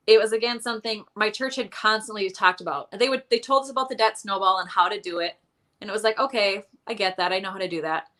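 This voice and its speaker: A woman's voice: mid-range voice, bright, forceful tone. A woman guest in casual interview chat, telling her money story candidly with a self-deprecating streak and many fillers.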